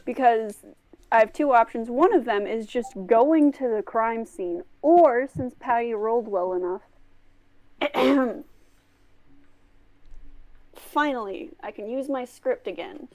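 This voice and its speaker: Slow-talking woman game master. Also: fairly high pitch, darkish tone, poor audio. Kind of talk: running a tabletop game.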